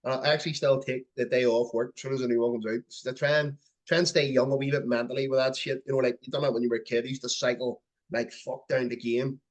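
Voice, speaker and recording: A man's voice: medium pitch, level tone, fast, hardly any pauses, lo-fi sound. A man in his thirties hosting a podcast, chatty and encouraging, with casual swearing. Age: 30s. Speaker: podcast host. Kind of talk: casual conversation.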